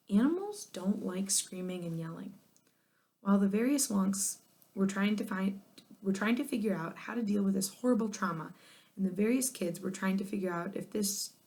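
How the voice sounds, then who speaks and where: A woman narrating a children's chapter book in an expressive, lively way. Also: medium pitch. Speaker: audiobook narrator. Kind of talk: children's storybook reading.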